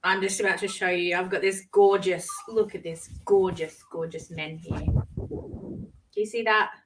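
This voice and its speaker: A woman's voice: lowish voice, steady tone, measured pace, a crowd in the background, rough recording. An Australian woman guesting on a live stream over a video call, bubbly, giggly and teasing. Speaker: livestream guest. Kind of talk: casual live-stream chat.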